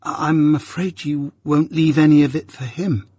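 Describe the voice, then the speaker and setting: A man's voice: on the high side, fairly even intonation, a little slow, mellow, no room sound, clean studio sound, pitched above the performer's own voice. A man voicing a timid, hesitant young boy.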